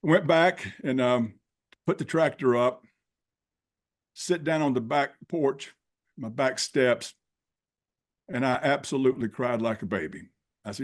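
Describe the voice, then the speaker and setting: A man's voice: medium pitch, a little slow. Folksy man in his sixties telling a story. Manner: animated storyteller who acts out dialogue; folksy, plain-spoken. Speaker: podcast guest. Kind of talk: personal storytelling.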